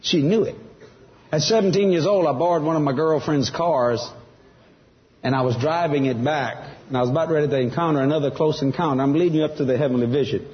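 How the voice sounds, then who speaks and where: A man's voice: fairly high pitch, quick pace, in a large hall, muffled recording. A man giving a testimony sermon, telling his story with animation and acting out the other voices. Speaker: preacher.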